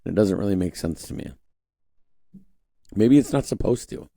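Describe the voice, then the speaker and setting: Low, dark-voiced man ranting casually. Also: animated, moderate pace, no room sound, clean studio sound. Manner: conversational, rambling with frequent restarts and fillers; mocking put-on voices when quoting others. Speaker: podcast host. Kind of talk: casual political commentary monologue.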